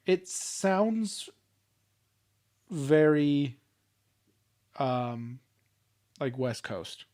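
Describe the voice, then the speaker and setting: Higher-voiced joking podcast guy. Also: animated, darkish tone. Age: young adult. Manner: joking, profane, quick to tease. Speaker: podcast co-host. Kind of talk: casual chat.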